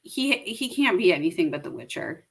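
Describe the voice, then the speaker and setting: A woman's voice: on the low side, very animated, creaky, slightly rough. A woman co-hosting a live online talk show, teasing and objecting in casual banter. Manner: teasing, objecting, quick to push back. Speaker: podcast co-host.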